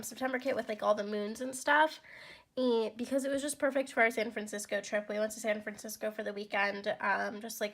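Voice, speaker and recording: Young woman vlogger getting over a cold, congested and a bit gravelly, chatty casual tone. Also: on the high side. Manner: chatty, relaxed, frequent ums and likes. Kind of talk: casual craft flip-through.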